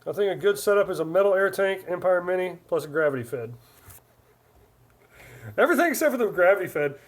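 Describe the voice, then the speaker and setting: A man's voice: high voice, lively intonation, quick pace. A man in his forties hosting a live stream, chatting casually and reading viewer comments aloud in a rambling way. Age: 40s. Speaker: livestream host.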